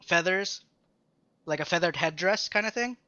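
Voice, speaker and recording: A young man running a tabletop game as game master, describing the scene in halting bursts with many fillers. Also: sits high, sharp tone, a little hiss or hum. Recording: dull lo-fi dry recording.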